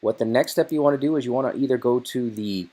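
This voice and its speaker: A man hosting a casual screen-recorded software tutorial, chatty and loose, thinking aloud as he works. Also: medium pitch, fast talker.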